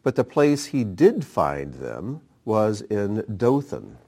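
A man preaching a sermon, teaching at an unhurried pace and reading scripture aloud between his explanations. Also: on the low side, wildly swooping pitch, darkish tone. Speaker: pastor.

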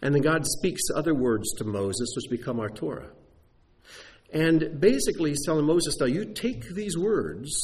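Animated male preacher teaching Scripture. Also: fairly high pitch. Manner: animated teaching delivery, spelling out Hebrew words. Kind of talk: sermon teaching.

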